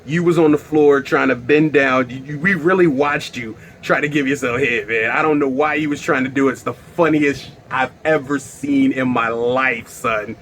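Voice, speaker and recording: Give me a man doing a laid-back young guy, low, quiet and drawling. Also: moderate pace, few pauses, slight background noise, lightly acted. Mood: amused. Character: laid-back young male friend, amused.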